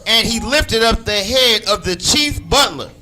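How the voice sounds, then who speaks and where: A man reading Bible verses aloud slowly and deliberately. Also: very high voice, animated, bright, forceful tone. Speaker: scripture reader.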